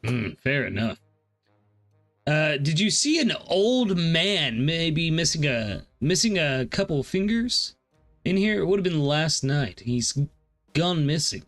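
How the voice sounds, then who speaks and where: A man's voice: on the high side, sing-song, slow pace, fairly bright tone, soft background music. A man playing a tabletop game, trading playful in-character banter with frequent laughs. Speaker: player.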